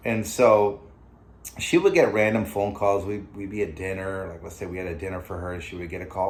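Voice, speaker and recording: A middle-aged vlog host with a deep, expressive voice talks briskly to camera, telling a personal story loosely, full of fillers and asides.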